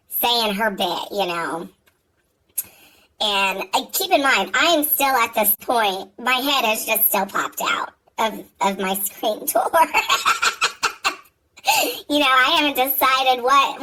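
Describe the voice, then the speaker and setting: A woman's voice: medium pitch, bright, forceful tone, slight background noise, low-quality recording. A woman vlogger telling a story in a chatty, profane way, full of fillers and asides. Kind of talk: casual storytime vlog.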